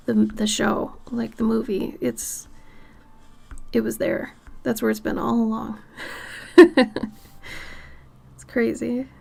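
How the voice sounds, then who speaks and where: A woman in her thirties from Minnesota with a light Minnesotan accent, chatting casually on an art livestream while she draws, sometimes murmuring softly as she works. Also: fairly high pitch, flat delivery, slow, creaky, pauses often. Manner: chatty and laid-back, drifting into soft murmurs while working. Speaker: art streamer.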